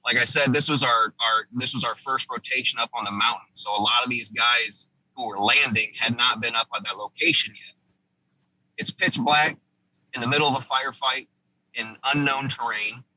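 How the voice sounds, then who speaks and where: An American former army sergeant, appearing as a podcast guest, recounts a combat story vividly and acts out the quoted lines. His medium-pitched voice sounds very bright and tense, and the audio is slightly dull but free of echo.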